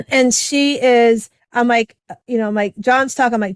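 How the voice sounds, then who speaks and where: Clear and resonant, a fairly high female voice moves at a moderate pace on a dry recording. The speaker, a middle-aged podcast host, shares a personal anecdote in a chatty style, peppered with fillers and with quoted voices acted out.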